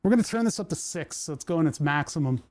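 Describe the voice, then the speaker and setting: An animated, fast-talking man with a slightly high, darkish voice streams a project from his indoor workshop. He rambles casually and entertains himself while tinkering, hiccuping along the way, all on a lapel mic.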